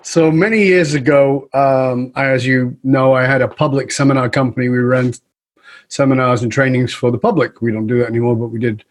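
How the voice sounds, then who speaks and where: A man's voice: medium pitch, fairly quick. A middle-aged man as a podcast guest, telling a story in conversation and acting out the voices of the people he quotes. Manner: animated, acts out quoted voices.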